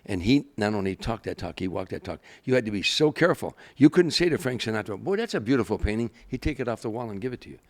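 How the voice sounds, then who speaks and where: Older gravelly-voiced man telling stories. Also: fairly low pitch, fast, few pauses. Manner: animated storyteller, acts out quoted voices. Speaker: guest, comedian. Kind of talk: storytelling interview.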